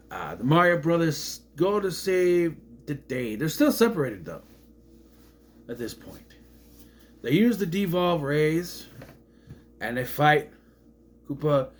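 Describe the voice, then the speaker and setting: A man casually recapping a movie, rambling with fillers and slipping into quick voice impressions. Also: medium pitch, a little hiss or hum.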